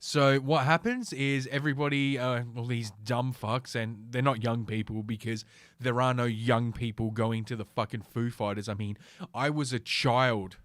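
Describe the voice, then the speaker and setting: A man's voice: medium pitch, fairly even intonation, moderate pace, fairly bright tone, no room sound, studio quality. A middle-aged man hosting a casual solo podcast, ranting in a profane, sardonic, rambling way from a home room. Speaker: podcast host.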